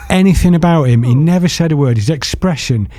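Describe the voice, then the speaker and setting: Mellow man bantering on a podcast. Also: a little high, expressive, fairly quick, slight background noise. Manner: enthusiastic, teasing banter. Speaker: podcast co-host. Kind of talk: casual chat.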